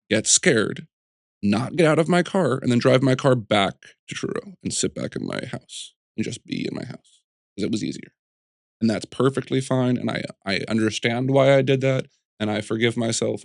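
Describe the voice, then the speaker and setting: Animated man telling stories, dry close sound. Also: medium pitch, creaky, no echo. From United States. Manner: animated storyteller, jumps into voices and restarts. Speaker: guest sculptor. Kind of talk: casual interview chat.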